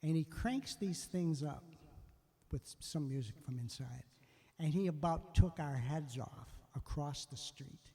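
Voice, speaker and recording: A man's voice: on the high side, unhurried, husky, in a large hall. An older man, a musician host, telling a rambling story casually, breaking off and voicing the people he quotes. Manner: rambling, self-interrupting, quotes others in lively voices.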